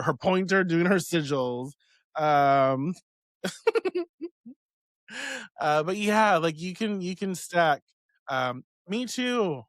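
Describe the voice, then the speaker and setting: A man's voice: fairly high pitch, fairly bright tone, no room sound. A man hosting a casual question-and-answer chat, rambling and swearing freely as he goes. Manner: rambling, swears freely, many fillers and asides. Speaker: host answering community questions on witchcraft.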